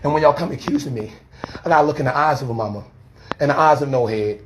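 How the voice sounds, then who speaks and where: On a phone camera, a street preacher with a medium-pitched voice argues at a quick pace in a heated confrontation. He comes across agitated, rambling and defensive as he pleads with older women, with slight background noise audible.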